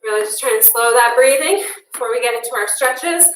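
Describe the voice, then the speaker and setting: Casting note: winded woman cardio instructor, high voice, counts reps. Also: fairly quick, fairly bright tone, a little hiss or hum. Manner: encouraging, casual, counts down reps. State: out of breath. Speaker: fitness instructor. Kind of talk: guided workout class instruction. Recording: echoey room, mic at a distance.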